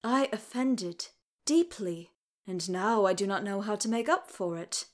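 An earnest, anxious male elf, voiced by a woman reading a storybook, speaking slowly and softly. His words come sincere and worried, at a middle pitch. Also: close to an everyday voice. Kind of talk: fan fiction read aloud.

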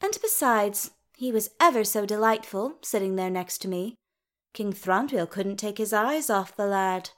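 A woman voicing a wry dwarf queen regent who speaks in a sweetly teasing, lively way. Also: mid-range voice, measured pace, lightly acted.

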